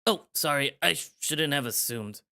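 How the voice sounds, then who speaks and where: A man's voice: fairly high pitch, expressive, normal speed, gravelly, bright, forceful tone, full character voice. A man reading a visual novel aloud and voicing its nervous young adult male protagonist in a raised, eager voice. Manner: eager, slightly flustered delivery.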